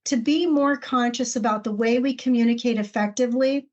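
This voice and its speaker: Lively higher-voiced woman telling a story. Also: brisk, dull audio. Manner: animated storytelling, acts out quoted dialogue. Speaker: podcast co-host. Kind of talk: conversational podcast discussion.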